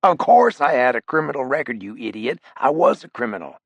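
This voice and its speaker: A man's voice: mid-range voice, sing-song, a little fast, vocal fry, no room sound, muffled recording. A man voicing a brash tough ex-criminal. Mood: mocking. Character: brash, profane, big tough male ex-criminal. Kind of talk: audiobook character voice.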